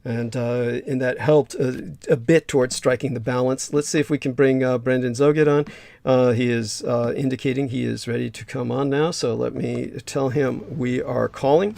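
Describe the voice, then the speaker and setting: Hoarse gravelly man hosting a livestream. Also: mid-range voice, fairly even intonation, a little mellow, dry recording. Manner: halting, many fillers and restarts. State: hoarse, losing his voice. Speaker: livestream host. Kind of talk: casual livestream chat.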